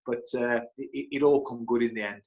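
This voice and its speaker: A man's voice: mid-range voice, fairly even intonation, brisk, darkish tone. A middle-aged man, a football club physio, chatting as an interview guest, telling stories animatedly with frequent stumbles, restarts and chuckles. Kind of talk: casual anecdotal storytelling.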